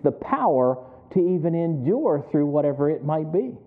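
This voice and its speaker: A man's voice: a little high, sing-song, normal speed, hardly any pauses. A man preaching an earnest, conversational sermon to his congregation, asking rhetorical questions. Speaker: pastor. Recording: tinny phone-like sound.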